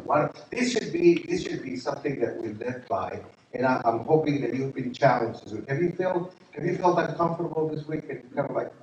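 A man's voice: medium pitch, lively intonation, fairly quick, darkish tone, dull audio, slight background noise. A man preaching a sermon as pastor, chatty and joking, asking the congregation questions. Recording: echoey hall, distant mic.

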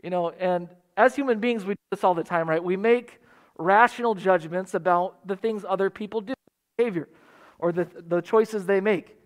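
A man's voice: high-pitched, normal speed. A middle-aged man preaching a sermon, telling stories and acting out the voices of the people he quotes. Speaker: pastor.

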